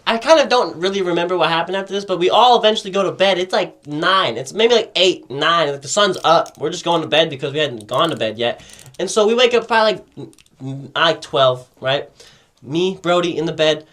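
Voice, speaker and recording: High-voiced young man telling stories. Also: animated, fairly quick, fairly bright tone. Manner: rambling, profane, acts out quotes, laughs often. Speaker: podcast co-host. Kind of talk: casual storytelling chat.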